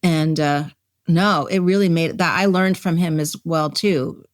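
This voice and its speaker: A woman's voice: low-pitched, unhurried, no echo, studio quality. A woman speaking as a guest on an interview podcast, reflective and emotional, often restarting her sentences as she searches for words. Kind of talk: candid conversational interview.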